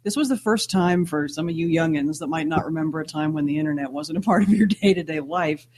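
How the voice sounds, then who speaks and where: A woman's voice: sits low, fast, darkish tone, slight background noise. A woman co-hosting a casual podcast chat, wry and chatty, laughing often. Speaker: podcast co-host.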